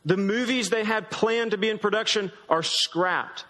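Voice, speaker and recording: A man's voice: sits high, expressive, unhurried, few pauses, pushed and bright. A man pastor preaching a sermon in a conversational, emphatic way. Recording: long hall reverb.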